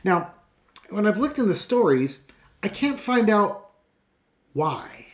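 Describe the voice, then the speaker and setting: Setting up a reading on the tarot channel he hosts, this man talks in a high voice with big pitch swings, taking his time. His tone is casual and sarcastic, and he rambles through filler words, clearly exasperated.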